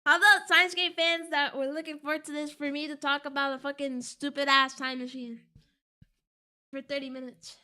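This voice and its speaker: High, bright-voiced woman streamer. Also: flat delivery, normal speed. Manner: rambling, self-mocking, laughs often. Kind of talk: casual game stream commentary.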